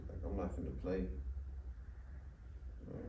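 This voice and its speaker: A man's voice: sits low, measured pace, dark tone, a little hiss or hum. Young man, fed up and repetitive, plain middle voice, far from the mic in a roomy room. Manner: exasperated, keeps repeating that she should stop. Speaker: prank target, boyfriend. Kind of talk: casual argument.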